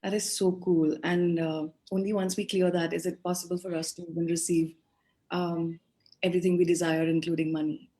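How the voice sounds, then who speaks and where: A woman interviewing a guest in a casual conversation. Her voice is a touch low. She sums up eagerly and fills pauses with "uh" and "um". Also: little pitch movement, warm tone. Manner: enthusiastic, summarizing, with fillers.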